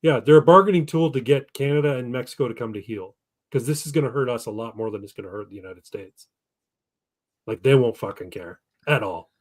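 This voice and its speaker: A man's voice: medium pitch, a little fast. A man co-hosting a casual podcast, swearing freely and spinning long rambling stories. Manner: profane, rambling storyteller. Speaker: podcast co-host. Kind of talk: casual chat.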